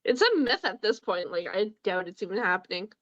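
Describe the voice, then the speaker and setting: A woman's voice: mid-range voice, big pitch swings, a little fast, fairly bright tone, no echo, lo-fi sound. A Canadian woman co-hosting a casual podcast, dropping dry teasing remarks. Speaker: podcast co-host. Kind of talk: casual chat.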